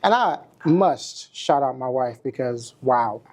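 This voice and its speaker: A man's voice: medium pitch, expressive, slow pace. A man hosting a casual interview podcast, mostly offering short, supportive interjections. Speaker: podcast host.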